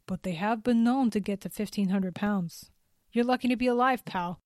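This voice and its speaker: A woman's voice: mid-range voice, normal speed, background noise, close to an everyday voice. A woman voicing a tall, easygoing male ranger who talks in a casual, folksy way.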